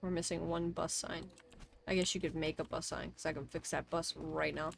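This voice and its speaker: A woman streamer casually commenting on her gameplay in soft, muttered asides. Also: deep voice, steady tone, moderate pace, creaky, a little hiss or hum.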